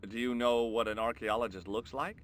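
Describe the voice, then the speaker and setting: A man's voice: mid-range voice, steady tone, a little fast, slight background noise, natural voice. An actor playing a dry, sarcastic male investigator who questions people in a video game. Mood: questioning.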